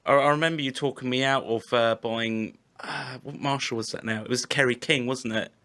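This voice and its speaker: A man's voice: medium pitch, steady tone, fairly quick, pushed and bright. A man hosting a podcast, chatting casually with stops, restarts and lots of "like". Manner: casual, repeats words, fillers like "like". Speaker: podcast host. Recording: dull lo-fi recording.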